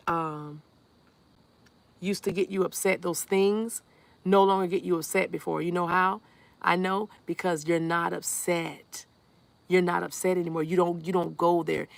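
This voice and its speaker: A woman's voice: lowish voice, gravelly. A woman giving a live tarot reading, talking straight to her viewers and repeating reassuring affirmations. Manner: addresses viewers directly, reads chat aloud. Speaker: tarot reader.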